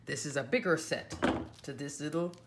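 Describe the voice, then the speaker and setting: A woman's voice: low voice, moderate pace, background noise. A woman vlogger chatting casually as she shows and measures craft dies, gushing and thinking aloud. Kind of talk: casual show-and-tell chat.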